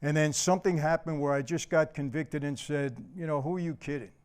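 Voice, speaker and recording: A man's voice: a little high, steady tone, fairly quick, smooth. An older man, a motivational speaker giving an earnest personal testimony and talking straight to the audience. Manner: earnest storyteller, addresses the audience as people.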